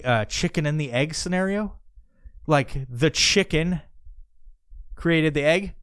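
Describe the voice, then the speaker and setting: A man's voice: a little high, fairly bright tone, no room sound, studio quality. A man hosting a podcast, musing aloud in a meandering, profane way, with many restarts and asides. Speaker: podcast host. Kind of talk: casual rambling monologue.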